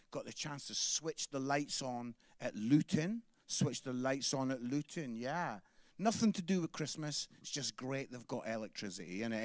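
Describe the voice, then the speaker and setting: Scottish guy doing stand-up, high voice, bouncy, dry close sound. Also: a bit bright, no room sound. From Scotland. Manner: chatty, tags lines with "yeah?". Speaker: stand-up comedian. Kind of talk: stand-up comedy set.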